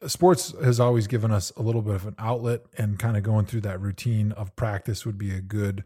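A man with a fairly low voice talks in a relaxed, reflective way. He recalls memories and asks his co-host measured questions. He is in his thirties and co-hosting a podcast. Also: husky. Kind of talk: casual conversation.

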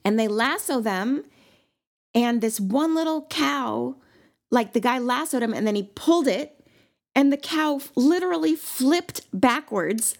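A woman co-hosting a casual chat, telling a long story with animated delivery and sudden high squeals. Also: measured pace, gravelly.

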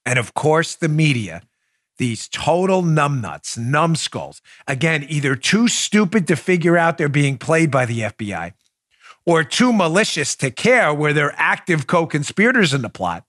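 A man hosting a political podcast, talking in a sarcastic, mocking way with loud bursts and muttered asides. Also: fairly high pitch, big pitch swings, unhurried, no echo, studio quality. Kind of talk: opinionated solo commentary.

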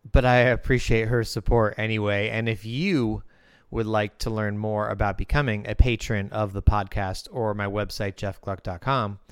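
Smooth-voiced man hosting a podcast. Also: fairly low pitch, steady tone, moderate pace, dry recording, clean studio sound. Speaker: podcast host. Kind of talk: interview podcast.

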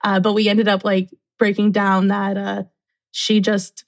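A woman who works in university residence life, telling a story casually and acting out what people said in lively voices. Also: mid-range voice, measured pace. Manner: animated, acts out quotes.

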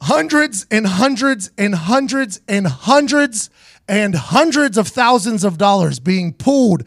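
A man hosting his podcast, telling a story in a casual, animated and profane way, laughing often. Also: sits high, a little slow, creaky, no echo, studio quality. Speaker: host.

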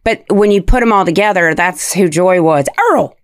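A woman's voice: lowish voice, moderate pace, clear, resonant tone, no echo, studio quality. A woman from Tennessee chatting as a podcast guest, telling stories with laughs and the odd curse. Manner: chatty storyteller, laughs, swears. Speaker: guest actress. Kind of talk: casual interview chat.

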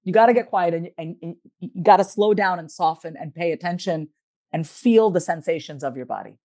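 A woman, a therapist and author, speaking as a podcast guest and explaining her ideas in a steady, reflective, teaching way. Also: lowish voice, fairly quick. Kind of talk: casual interview talk.

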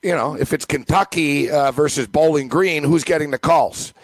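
Man, sports talk co-host, emphatic rambling rant, slightly high pitch, dry studio sound. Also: moderate pace, no room sound, low-quality recording. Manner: rambling, emphatic ranting with many fillers. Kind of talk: casual sports chat.

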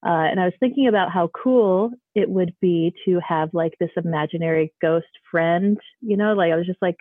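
A woman's voice: lowish voice, moderate pace, few pauses, dry recording. A woman calling in to tell a story in a rambling, casual way, full of fillers and restarts. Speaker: caller. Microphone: phone call. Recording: tinny dry phone line.

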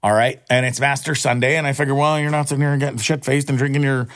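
A man in an off-the-cuff rant that rambles and doubles back on its words. He swears freely, and his voice jumps upward whenever he gets worked up. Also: fast. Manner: excitable, jumps up in pitch when worked up. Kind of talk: casual profane rant to camera.

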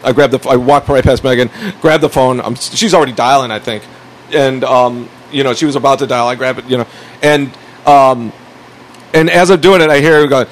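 A man's voice: medium pitch, fairly quick, slight background noise, low-quality recording. A man co-hosting a casual podcast, telling a story with heavy swearing and acting out the voices of the people in it. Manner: animated, swears a lot, acts out voices in stories. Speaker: podcast co-host.

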